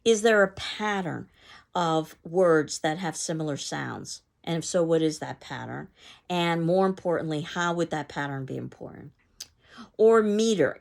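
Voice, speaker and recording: Woman teacher, lecture delivery, lowish pitch, a gravelly rasp. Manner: explanatory, measured, with fillers and restarts. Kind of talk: recorded lecture.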